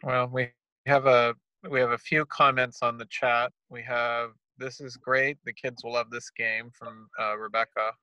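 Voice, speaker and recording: A man's voice: mid-range voice, flat delivery, unhurried, bright, forceful tone, no room sound, lo-fi sound. A man moderating a webinar over a video call, reading chat comments aloud and prompting attendees. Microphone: video call microphone.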